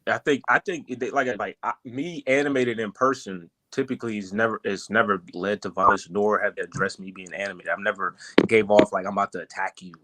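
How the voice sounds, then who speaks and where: A man on a podcast panel, arguing in an animated, defensive way with frequent restarts. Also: fairly low pitch, brisk, hardly any pauses. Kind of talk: heated panel debate.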